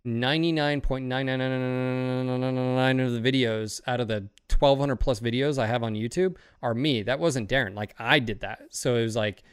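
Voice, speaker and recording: A man in casual podcast talk, rambling and swearing freely as he gets worked up. His voice sits at an ordinary pitch. The recording is dry and close, with no room echo. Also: steady tone, moderate pace, hardly any pauses, clear, resonant tone. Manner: rambling, profane, fired up. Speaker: streamer and podcast host.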